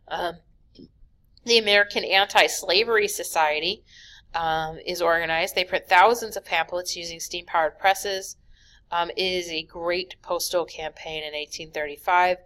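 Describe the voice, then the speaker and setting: A woman teacher giving a recorded history lecture over slides, talking casually with many fillers and quick self-corrections. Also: lowish voice, a bit bright. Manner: casual, many "um"s, corrects her own slips. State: yawning, sleepy.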